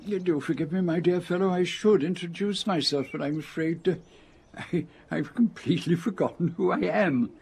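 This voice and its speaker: A man's voice: high voice, normal speed, vocal fry, a little mellow, husky, full character voice. An actor playing a courteous, forgetful man in his eighties in a radio comedy, talking hesitantly and genteelly. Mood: bemused. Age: 80s. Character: forgetful elderly man, 80s, mild and courteous.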